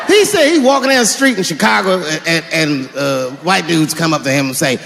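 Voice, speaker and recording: Stand-up guy on stage, higher voice that swings all over, big echoey hall, crowd noise behind. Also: normal speed, gravelly. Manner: animated storytelling, switching into character voices. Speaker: stand-up comedian. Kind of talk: stand-up comedy. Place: live stage before an audience. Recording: live hall recording with crowd ambience.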